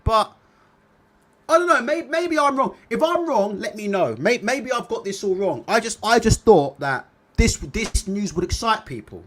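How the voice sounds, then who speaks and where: A man hosting a casual livestream, reading viewer comments aloud and chatting about them in an animated way. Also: very high-pitched, moderate pace. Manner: animated, repeats tag questions. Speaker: boxing livestream host.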